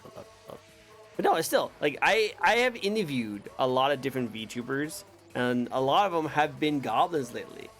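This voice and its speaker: A man's voice: medium pitch, animated, brisk, a bit bright, soft background music. A man hosting a casual interview, enthusiastic and repeating "I love it.". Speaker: interview host.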